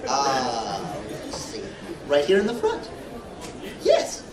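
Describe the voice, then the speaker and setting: A man's voice: high-pitched, wildly swooping pitch, slow. A man answering fan questions as a guest at a live convention panel, telling jokey stories. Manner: playful, joking storyteller. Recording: echoey hall, far from mic, noisy.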